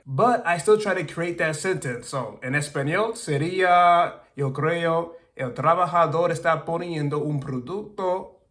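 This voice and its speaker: Young adult man, slightly high voice, casual to-camera vlog, reflective and searching for words. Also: a bit bright. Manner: thinking aloud, fumbling for words. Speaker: language-learning YouTuber. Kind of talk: casual talking-to-camera monologue.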